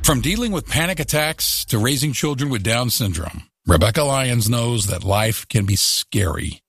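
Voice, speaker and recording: A man announcer reading an earnest radio spot in a measured way. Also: medium pitch, expressive, a bit bright, husky, no echo, clean studio sound. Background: music.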